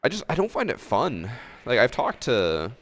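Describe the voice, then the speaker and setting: A man's voice: medium pitch, wildly swooping pitch, moderate pace. A man streaming games live, talking in a laid-back, rambling way full of fillers. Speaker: game streamer. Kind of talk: casual live-stream chat. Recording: long room reverb.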